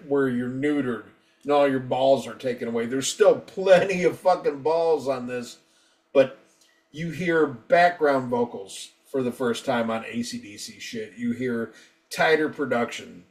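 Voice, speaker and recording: Profane rambling man reviewing a record. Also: medium pitch. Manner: profane, rambling, acts out quotes. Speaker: podcast co-host. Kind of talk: casual album review chat.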